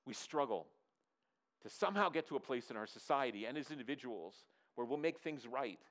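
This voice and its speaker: A man's voice: medium pitch, animated, a little fast. Earnest man preaching a sermon. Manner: earnest, repetitive preaching, rising and dropping to near-quiet for emphasis; asks the audience to respond. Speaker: pastor.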